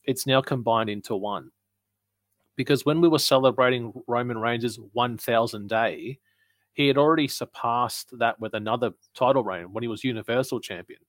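A man's voice: mid-range voice, dry recording. A man co-hosting a casual wrestling chat, talking things through in an analytical, explaining way. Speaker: podcast co-host.

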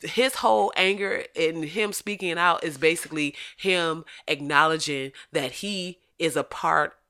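A blunt woman delivering a casual commentary rant. Her voice is bright and forceful, and she swears freely. She keeps it animated and loose the whole way through. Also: low-pitched, a little slow. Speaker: commentary host.

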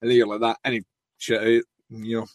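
A Scottish man on a podcast spins a rambling story, swearing freely and slipping into mocking impressions of friends. His voice sits at a middle pitch and sounds close and dry. It comes across as casual chat between regular co-hosts. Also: fast, dry recording. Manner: animated storyteller, swears freely, mimics others. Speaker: podcast co-host.

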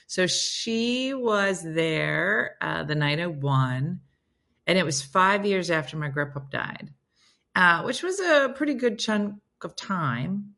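A woman in her fifties hosting a live phone stream, telling family stories in a chatty, animated way and reading out viewer comments. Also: fairly low pitch. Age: 50s. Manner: chatty, animated, rises sharply when excited. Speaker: livestream host. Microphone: phone camera.

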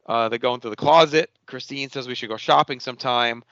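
Male podcast host, bright voice, dry dull-sounding recording, casual recap with voiced-out quotes. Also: medium pitch, fairly quick, no room sound. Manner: animated, swears casually, acts out characters' lines. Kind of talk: casual chat, recapping a TV episode.

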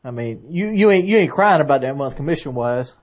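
A man's voice: mid-range voice, animated, brisk. A man co-hosting a podcast in laid-back casual chat, cracking jokes. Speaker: podcast co-host.

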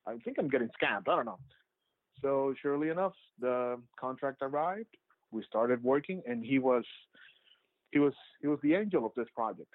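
A documentary filmmaker, a man, tells his story loosely and chattily, stumbling through fillers and restarts. His voice comes through a thin, narrow, phone-like line. There is no room sound at all, and his pitch sits at an ordinary middle level. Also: expressive, moderate pace, no room sound. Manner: rambling, full of "like" fillers and restarts. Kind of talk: casual storytelling interview answers. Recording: tinny phone-like line, dry.

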